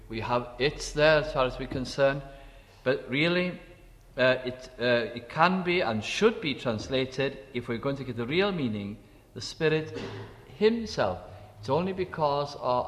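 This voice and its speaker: A man preaching a sermon, slow and emphatic, repeating key phrases and dropping to quiet asides. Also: mid-range voice, animated, in a large hall.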